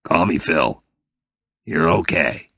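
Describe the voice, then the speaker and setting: A man reading aloud and voicing a friendly older father who speaks plainly and warmly, in slow, gravelly tones. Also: very deep voice, expressive, no room sound, studio quality, voice pushed down, heavily acted. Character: warm, friendly older working-class father.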